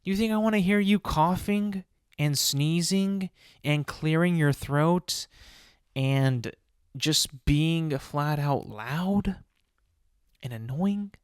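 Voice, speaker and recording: A man's voice: fairly high pitch, takes it slowly, clean tone, no room sound, studio quality. A young man hosting a solo podcast, ranting in an exasperated way with lots of fillers and rhetorical questions. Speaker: podcast host.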